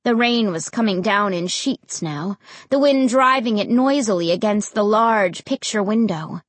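A woman narrating a first-person storybook with an expressive, dramatic reading. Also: medium pitch, a little slow, no echo. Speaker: audiobook narrator.

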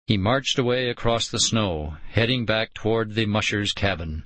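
A man giving steady, measured first-person narration of an audiobook. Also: fairly low pitch, no echo.

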